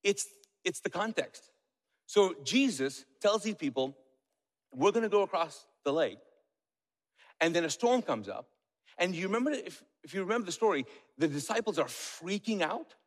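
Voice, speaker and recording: A high-voiced male pastor delivers a lively sermon, quizzing his congregation and slipping in jokes. His voice rings out with the long reverb of a church hall. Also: normal speed. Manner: lively, asks the congregation questions, joking asides.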